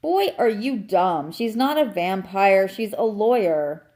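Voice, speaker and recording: A woman's voice: medium pitch, lively intonation, takes it slowly, darkish tone. A woman voicing a smug, know-it-all male house cat who lectures in a cool, condescending way. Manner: coolly explaining, condescending.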